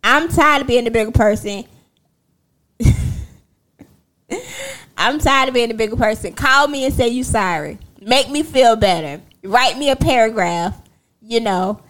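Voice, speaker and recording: A young woman talks casually to her viewers. She tells her story in a lively, sassy way, and her voice sits fairly high. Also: a little slow, pauses often. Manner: animated, sassy storytelling with laughs. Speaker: livestream host.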